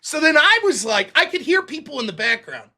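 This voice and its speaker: Male host, high and very lively voice, self-mocking storyteller who acts out dialogue. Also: fairly quick. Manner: animated, acts out both sides of dialogue. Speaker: livestream show host. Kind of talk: casual storytelling.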